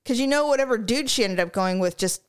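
Woman co-host, casual chat, animated storyteller, bright higher voice with a lively swing. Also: fast talker, clear, resonant tone. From California. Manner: animated storyteller, laughs, swears freely. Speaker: podcast co-host.

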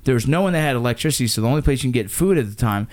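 A man in his thirties from Los Angeles, retelling a memory to his father in casual conversation, fast and animated with frequent restarts. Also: medium pitch. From Los Angeles, USA. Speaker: son recalling a disaster with his father.

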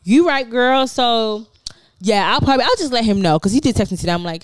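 A woman's voice: a little high, fairly quick, no echo. Candid young woman, dry close sound. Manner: candid, animated storytelling with slang. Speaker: podcast co-host. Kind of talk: casual chat.

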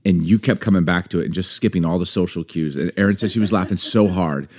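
A man co-hosting a casual podcast chat, telling animated stories and acting out the people he quotes. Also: sits low, fast talker. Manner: animated storytelling, acts out quoted voices. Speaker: podcast co-host.

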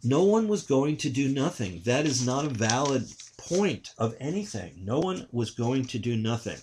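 A man's voice: medium pitch, darkish tone, a little hiss or hum. An older man, a journalist, giving indignant political commentary in a rambling way, with frequent restarts.

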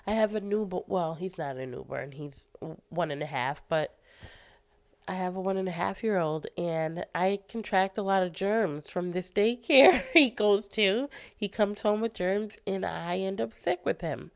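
A woman's voice: lowish voice, a little slow. A woman hosting a faith podcast, talking earnestly and encouragingly while stuffy from a cold. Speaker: podcast host. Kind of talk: casual faith podcast talk.

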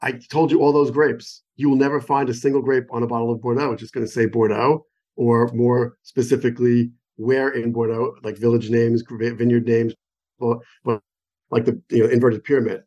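A man's voice: medium pitch, level tone, moderate pace, darkish tone, lo-fi sound. Enthusiastic American man explaining. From United States. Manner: enthusiastic, digressive, explains with examples. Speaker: wine expert guest. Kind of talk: conversational interview explanation. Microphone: phone call.

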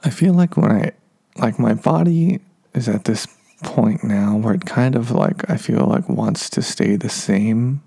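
A podcast host in his thirties rambles casually to his listeners, filling the monologue with fillers and self-deprecating remarks. He speaks unhurriedly in a medium-pitched voice that is gravelly and warm with a breathy edge.

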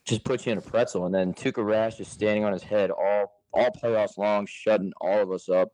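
A man's voice: on the low side, fairly even intonation, moderate pace, darkish tone, poor audio. A man co-hosting a casual sports podcast, laid-back and blunt.

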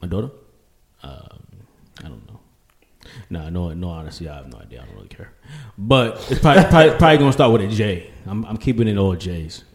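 A man in casual podcast banter who mumbles and trails off quietly. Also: fairly low pitch, very animated, quick pace.

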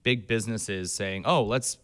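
A man hosting a casual podcast, relaxed, swearing offhandedly. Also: fairly low pitch, unhurried. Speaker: podcast host. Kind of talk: casual chat.

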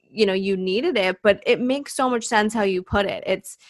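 A woman's voice: medium pitch, moderate pace. A woman interviewing a guest in a casual chat, talking loosely with frequent "like" and "you know".

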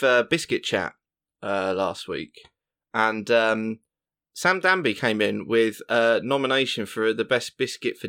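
A man's voice: mid-range voice, a bit bright. A man co-hosting a podcast in casual chat, laughing often as he reads out listener messages. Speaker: podcast co-host.

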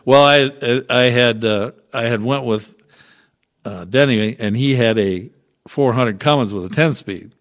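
A man's voice: mid-range voice, measured pace. This is a middle-aged man speaking as a guest in a casual interview. He tells his stories in a folksy way and chuckles often as he talks. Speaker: guest, trucker chaplain.

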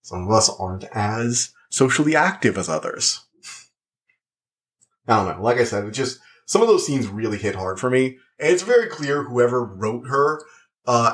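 A man's voice: lowish voice, a bit bright. A young man talking through a show review in casual chat, rambling and full of likes and uhs.

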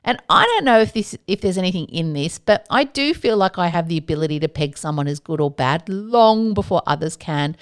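A woman's voice: on the low side, lively intonation, brisk, hardly any pauses. A woman hosting a solo podcast, talking casually with playful asides and self-mocking jokes. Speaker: podcast host.

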